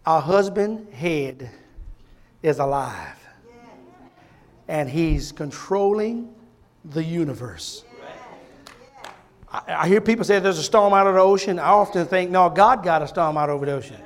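A male pastor delivers a fervent sermon in a fairly high, light voice, pressing his points through repetition and rising volume. He then drops to a near hush to draw the congregation close. Folksy, conversational asides keep it personal. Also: animated, unhurried, long pauses. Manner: fervent preaching, swinging between loud emphatic repetition and hushed intimacy.

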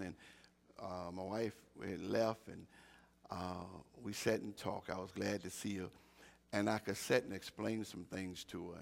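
Gravelly older man preaching a sermon. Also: on the low side. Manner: swings from quiet talk to shouted preaching, stammers and repeats words.

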